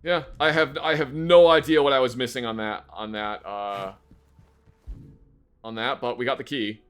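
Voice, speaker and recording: A man's voice: medium pitch, steady tone, moderate pace, a bit bright, clean tone. A man streaming a horror game live, chatting casually and muttering to himself as he plays, now and then humming little choo-choo noises. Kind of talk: casual live gameplay commentary.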